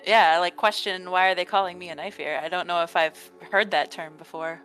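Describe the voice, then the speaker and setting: A woman's voice: on the low side, steady tone, a little fast, a bit bright, soft background music. Amused woman player in a tabletop game. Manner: hesitant and amused, laughs often. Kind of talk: playing a character in a tabletop game.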